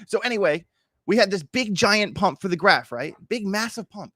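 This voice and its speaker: A man's voice: high-pitched, animated, moderate pace, sharp tone, no echo, clean studio sound. A man hosting a casual crypto trading livestream, walking viewers through charts in a chatty, hyped, joking way. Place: home, in Miami.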